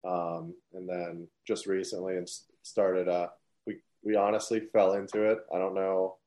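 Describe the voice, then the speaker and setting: Low flat-voiced male guest. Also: normal speed. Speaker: business owner guest. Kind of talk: casual interview answers.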